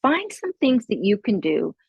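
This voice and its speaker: A woman's voice: fairly high pitch, very animated, unhurried, gravelly, darkish tone, breathy edge, no room sound. A middle-aged woman hosting a podcast, giving casual parenting advice in a chatty way, laughing often and acting out little scenes. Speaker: podcast host. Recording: dry, dull lo-fi sound.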